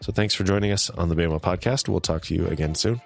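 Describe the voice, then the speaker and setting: A man co-hosting a casual podcast discussion, emotional and quick to laugh. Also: low voice, vocal fry, faint music behind. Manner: warm, emotional, laughs often. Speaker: podcast co-host.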